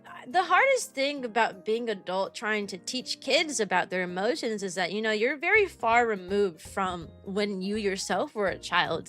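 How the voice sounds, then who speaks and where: A woman's voice: medium pitch, fairly bright tone. A young woman, a kindergarten teacher, chatting casually on a livestream and rambling with lots of fillers. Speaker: kindergarten teacher and VTuber streamer.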